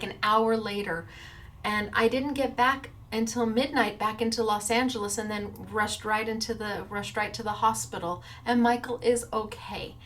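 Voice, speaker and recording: A woman's voice: mid-range voice, a little hiss or hum. A woman hosting a crafting show, chatting casually to viewers in an earnest, emotional way. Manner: earnest and emotional, quick to tear up.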